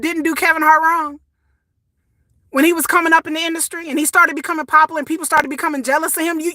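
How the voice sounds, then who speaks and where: A woman, ranting casually to her viewers, sassy and animated, swearing and repeating words as she goes. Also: very high voice, no echo, clean studio sound. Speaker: commentary vlogger. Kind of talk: casual opinion rant.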